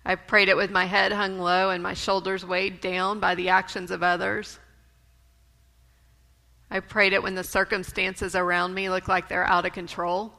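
A woman preaching a sermon in a church, speaking in a measured way and quoting scripture. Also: on the low side, gravelly, pushed and bright. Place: church sanctuary. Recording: long reverb of a church sanctuary.

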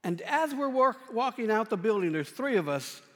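A man in his forties preaching a sermon as a pastor, telling a personal story in a conversational, self-deprecating way and swinging between loud and hushed delivery. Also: high-pitched, big pitch swings, normal speed. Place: church sanctuary. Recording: long reverb of a church hall.

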